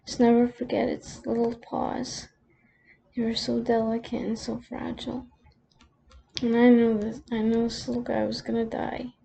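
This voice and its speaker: A woman vlogger telling a personal story, close to tears, halting with many pauses and restarts. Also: fairly high pitch, monotone, vocal fry, dark tone, slight background noise.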